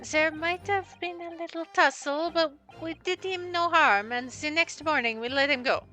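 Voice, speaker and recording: A woman's voice: high voice, moderate pace, bright, forceful tone, soft background music, pitched above the performer's own voice. A woman voicing a panicky, whimpering male crook with a put-on Italian accent. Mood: pleading. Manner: whimpering, stammering, pleading.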